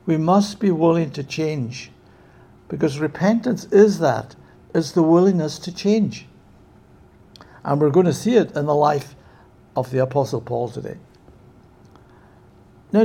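Man, preacher, sermon, slightly high voice, gravelly, emphatic, asks "yeah?". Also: mellow.

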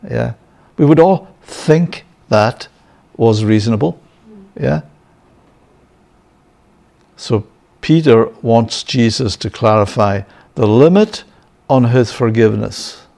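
Brief: male Bible teacher, mid-pitched, conversational sermon with "yeah?" asides. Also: slow pace, vocal fry, darkish tone. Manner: checks in with frequent "yeah?" and "right?", chuckling.

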